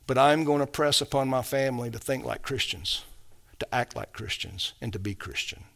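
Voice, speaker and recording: A man preaching a sermon as a pastor, emphatic, swinging between hushed and raised delivery. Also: mid-range voice, normal speed, vocal fry.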